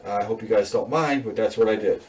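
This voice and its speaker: A man's voice: fairly low pitch, fairly quick, distant mic, background noise. A man student casually walking through his class programming assignment, rambling with fillers and small chuckles. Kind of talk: casual screen-recorded code walkthrough.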